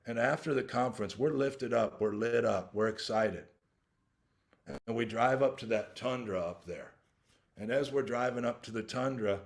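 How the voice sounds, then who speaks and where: A man giving an earnest, rambling personal share at a recovery workshop, often restarting his sentences as he goes. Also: medium pitch. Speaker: invited speaker at a recovery workshop.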